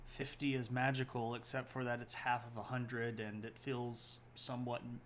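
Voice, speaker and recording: Male streamer host, mid-pitched, loose and rambling, corrects himself as he goes, faint hiss underneath. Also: level tone, moderate pace, fairly bright tone. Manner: rambling, self-correcting, chats to viewers between points. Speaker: host of a history livestream. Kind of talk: casual livestream talk.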